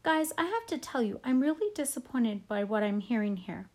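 A woman's voice: on the high side, very animated, normal speed, a little mellow, pitched above the performer's own voice. A woman voicing a firm, lecturing mother of two boys in a storybook reading. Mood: stern. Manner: stern, lecturing.

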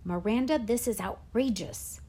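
A woman voicing a hot-tempered middle-aged male school drama director, loud and exasperated in a storybook reading. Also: on the high side, measured pace, slightly rough. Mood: outraged.

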